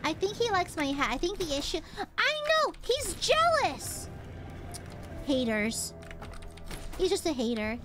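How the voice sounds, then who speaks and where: A woman streamer giving casual gameplay commentary, playful and boastful, swearing and talking to her chat. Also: sits high.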